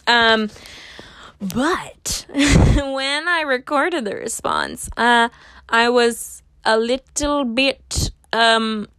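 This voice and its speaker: A woman's voice: a little high, fairly bright tone, clear, resonant tone, dry recording, studio quality. A woman in her twenties hosting a casual solo podcast, rambling and self-mocking, swearing offhand and stumbling over her words. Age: 20s. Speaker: podcast host.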